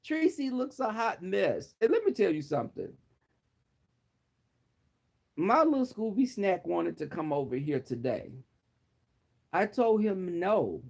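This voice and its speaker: A man with a high voice gives dramatic, sassy commentary. His pitch swoops up and down a lot. His roasts are animated. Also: unhurried, gravelly, long pauses, poor audio. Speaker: vlogger.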